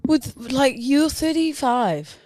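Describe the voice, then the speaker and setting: A woman's voice: sits high, big pitch swings, slow pace, darkish tone, dry recording, clean studio sound. A woman co-hosting a podcast, teasing and questioning her co-host in casual chat.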